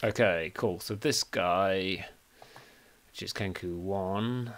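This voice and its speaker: A man running a tabletop game as game master, talking in a relaxed, chatty way full of fillers. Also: low-pitched, slow pace.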